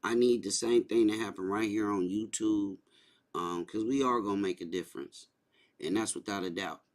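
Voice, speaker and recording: A man's voice: fairly low pitch, moderate pace. A man hosting a casual livestream, talking loosely and repeating his points. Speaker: livestream host.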